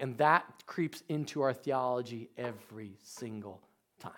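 A man, preaching a sermon with animated storytelling that swings from quiet to loud. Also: medium pitch, a little slow. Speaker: pastor.

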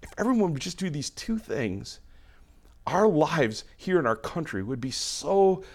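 A man's voice: on the high side, big pitch swings, measured pace, creaky. A man, a pastor, preaching a sermon in a conversational way and explaining through everyday examples.

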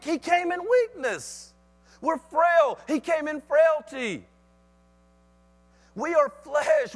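A man's voice: very high voice, fairly bright tone. A man preaching a sermon with emphatic repetition and rhetorical questions.

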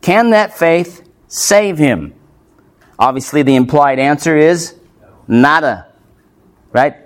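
A man's voice: a little high, animated, slow. A male pastor preaching an expository sermon, emphatic and punchy, firing off rhetorical questions and tossing in playful asides. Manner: playful asides with light laughs.

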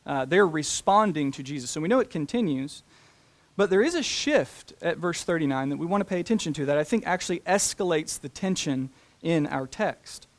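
A man preaching a sermon, talking deliberately and slowing down to stress key phrases. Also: on the high side, animated. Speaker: pastor.

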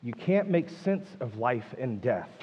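Animated preacher in a reverberant hall. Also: male voice, medium pitch, measured pace, husky, muffled recording. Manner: animated, emphatic, rhetorical questions. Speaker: pastor. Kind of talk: sermon.

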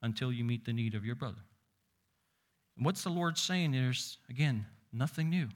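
A man preaching a sermon, moving between loud emphasis and hushed low asides, quoting scripture. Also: animated, normal speed. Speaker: pastor.

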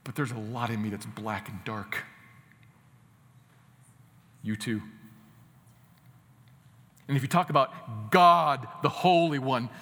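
A man preaching a sermon, earnest, swinging between loud emphatic lines and quiet asides. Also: mid-range voice. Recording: long hall reverb.

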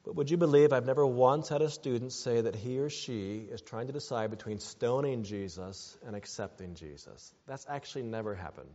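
A man's voice: medium pitch, moderate pace, few pauses, mellow. A man preaching a sermon as pastor, earnest and building to emphatic exhortations. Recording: dull sound with long hall reverb.

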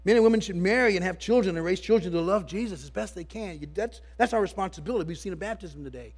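Husky-voiced preaching man, high-pitched. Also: fast. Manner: emphatic preaching with many repeated words. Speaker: pastor. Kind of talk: sermon.

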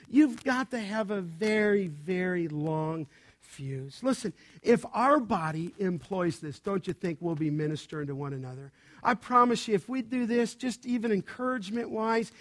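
High-voiced animated man preaching. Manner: animated, swings from soft to loud. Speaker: pastor. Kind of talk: sermon.

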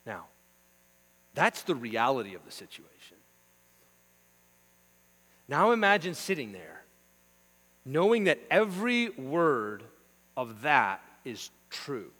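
A man preaching a sermon, emphatic and rhythmic, swinging between hushed passages and forceful declarations. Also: medium pitch, very animated, slow pace, long pauses. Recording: long reverb with mains hum.

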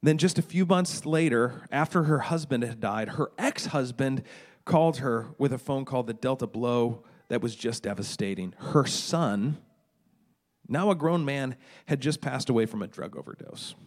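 A man's voice: mid-range voice, normal speed. A middle-aged man preaching a sermon, retelling a story dramatically with stammered restarts. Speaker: pastor.

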